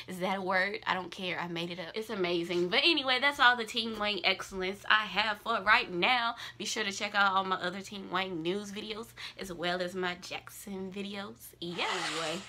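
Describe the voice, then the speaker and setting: A woman's voice: medium pitch, steady tone, normal speed, hardly any pauses, bright, forceful tone. A young woman hosting a casual fan news vlog, gushing and effusive with slangy asides.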